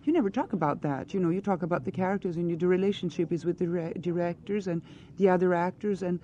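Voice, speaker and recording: A woman's voice: fairly low pitch, fast talker, mellow, dull audio. A woman answering questions as an actress in a press interview, earnest and searching for her words.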